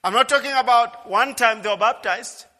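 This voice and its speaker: A male pastor preaching a sermon emphatically, swinging from quiet asides to loud, repeated declarations. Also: very high-pitched, moderate pace, big-room sound.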